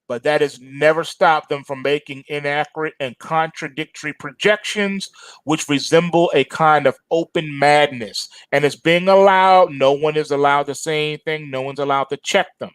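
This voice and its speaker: A man's voice: fairly high pitch, fairly even intonation, normal speed, clear, resonant tone, dry recording. A man hosting a market commentary monologue, sardonic and emphatic, mocking as he goes.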